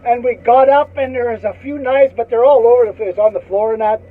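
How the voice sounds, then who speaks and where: A man's voice: extremely high pitch, steady tone, fairly quick. Canadian guy rambling thru an old school story, laughs a lot, says eh constantly, sounds like a tinny phone line. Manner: rambling, chuckling, tags lines with "eh". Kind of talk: casual anecdote.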